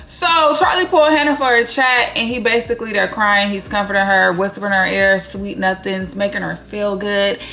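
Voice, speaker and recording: A woman's voice: mid-range voice, fairly even intonation, fairly quick, few pauses, pushed and bright. A woman hosting her own video channel, giving a casual, blunt and profane reality TV recap full of slang. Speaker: YouTube recap host.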